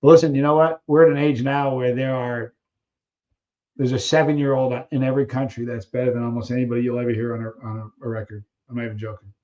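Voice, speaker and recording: A man's voice: medium pitch, flat delivery, fast, darkish tone, lo-fi sound. Rambling man chatting on a live stream. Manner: rambling, chatty, trails off searching for names. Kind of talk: casual live chat reading viewer questions.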